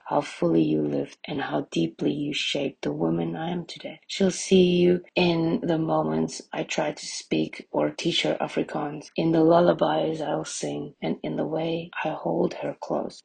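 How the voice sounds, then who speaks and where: A woman's voice: sits low, gravelly, darkish tone, husky, low-quality recording. A woman in her thirties speaking a heartfelt memorial tribute to her late mother, tender and earnest, with small stumbles and restarts. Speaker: grieving daughter giving a tribute.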